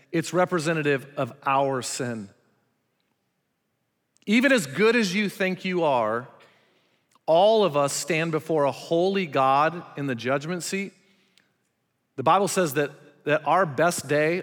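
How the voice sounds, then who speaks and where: A man's voice: on the high side, a bit bright. A man preaching a sermon with emphasis, putting rhetorical questions to his congregation. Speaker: pastor. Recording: long reverb of a large hall.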